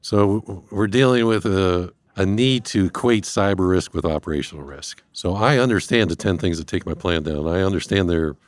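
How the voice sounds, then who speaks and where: A man speaking as a guest expert, explaining risk step by step in a measured way. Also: sits low, no room sound. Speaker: industrial cybersecurity guest expert. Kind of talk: explanatory interview talk.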